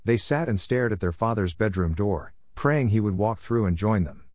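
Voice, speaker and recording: A man reading a scripted story aloud in a measured, even way. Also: on the low side, no room sound.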